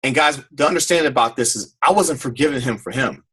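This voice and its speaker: Husky, bright-voiced man telling his story. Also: mid-range voice, fast. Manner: emotional storytelling, frequent repeats and restarts. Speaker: speaker on a team call. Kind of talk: personal testimony to a group.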